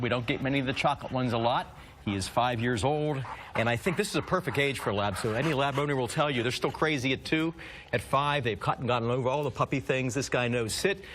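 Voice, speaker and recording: A man's voice: medium pitch, a bit bright. Laid-back guy talking up a dog, mid-range voice, little background hiss. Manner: easygoing and chatty, with fillers. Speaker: shelter pet presenter. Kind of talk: casual pet adoption pitch.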